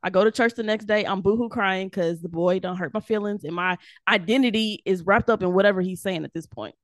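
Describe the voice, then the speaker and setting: A woman guest on a faith podcast, chatting casually and telling her story with animated energy and frequent laughs. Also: medium pitch, fairly quick, no room sound, clean studio sound. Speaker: guest, devotional author.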